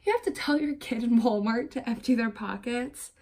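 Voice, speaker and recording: A young woman with a slightly high voice chats her way through a makeup routine for her vlog. Her stories ramble, packed with "like," and she sounds openly fed up when she complains. She is talking casually to camera at home. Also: moderate pace, darkish tone. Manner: rambling, lots of filler "like"; exasperated, venting. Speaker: beauty vlogger. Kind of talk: chatty get-ready-with-me storytelling.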